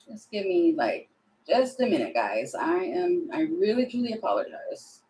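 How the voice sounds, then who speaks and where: A woman's voice: fairly low pitch, very animated, moderate pace, warm tone, slight background noise, rough recording. A woman giving tarot readings on a live stream, chatty and apologetic, thinking aloud as she goes. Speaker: tarot reader.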